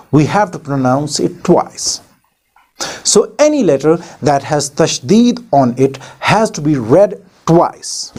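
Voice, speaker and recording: A man teaching Quran recitation in a deliberate voice-over, spelling out letters and sounds one by one and putting questions to the viewer. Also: high-pitched, darkish tone. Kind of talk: slow, deliberate instructional voice-over.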